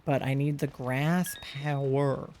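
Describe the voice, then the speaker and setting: A woman's voice: a bass voice, steady tone, slow pace, mellow, a little hiss or hum. Chatty playful streamer woman. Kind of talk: casual gaming stream chat.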